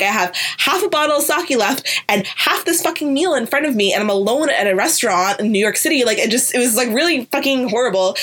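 A woman's voice: a little high, slightly rough. A woman in her twenties, a podcast co-host, casually telling a story with lots of "like" and some swearing. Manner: animated, fills speech with "like", swears casually.

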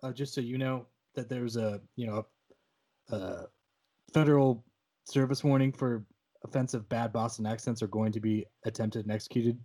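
A man's voice: medium pitch, steady tone, moderate pace, warm tone, slightly rough. A man co-hosting a podcast about a film, talking casually with a wry, profane tone and mock-formal announcements. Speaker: podcast co-host.

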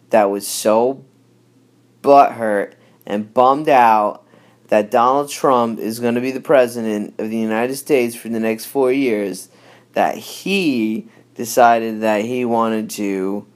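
Male podcast host, rambling and laid-back, slow, drawn-out pace. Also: fairly low pitch. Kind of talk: casual podcast monologue.

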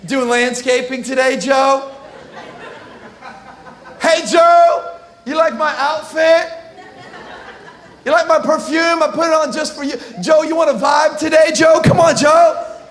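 A woman's voice: high voice, steady tone, unhurried, pauses often, some chatter behind. A man preaching who acts out a pushy, scandalous woman flirting and then crying for help. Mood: flirty. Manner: teasing, shouted sing-song calls.

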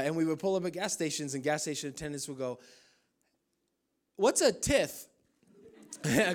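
A man from the United States, a pastor, preaching a sermon at a church service, telling stories with humor and loose fillers. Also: on the high side.

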